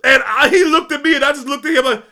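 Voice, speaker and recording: A young man telling a profane, animated story, swearing freely and shouting as it builds. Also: very high-pitched, fast talker.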